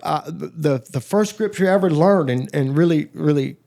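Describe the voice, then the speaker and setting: A man's voice: a little high, moderate pace, vocal fry, mellow. A man from the Southern United States, a podcast guest telling his recovery testimony in a loose, rambling way, often acting out the voices of people he quotes. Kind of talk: casual storytelling.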